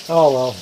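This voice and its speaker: A man chatting casually to his viewers while cooking in his home kitchen, calling them folks. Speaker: cooking vlogger. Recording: frying and running water noise. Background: sizzling pan and tap water.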